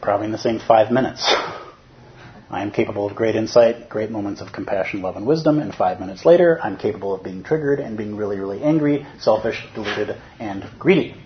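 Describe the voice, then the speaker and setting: A man's voice: on the low side, a little fast, highs cut off, slight background noise. A man teaching as a Zen teacher in a dharma talk, conversational and humorous, often checking in with listeners.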